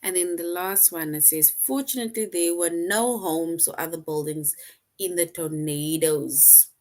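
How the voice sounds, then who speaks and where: Woman teacher going over grammar, slow and patient, kinda low voice. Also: a little mellow. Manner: slow, patient, reads sentences aloud then quizzes. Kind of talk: online grammar lesson.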